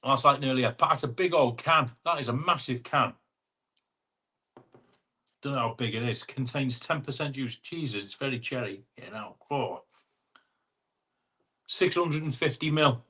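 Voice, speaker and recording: A man's voice: medium pitch, sharp tone, slightly rough. A man hosting a casual live chat, reading out viewer comments and calling people mate. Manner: chatty, calls viewers mate, quick asides. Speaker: livestream host. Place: home room. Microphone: wireless clip-on mic.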